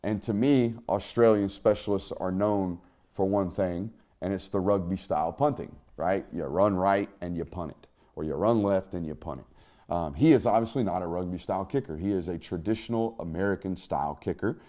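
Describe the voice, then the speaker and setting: Male sports show host, low-pitched, loose and chatty delivery. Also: moderate pace, mellow. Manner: loose, chatty, with fillers and laughs. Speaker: podcast host. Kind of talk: casual sports talk.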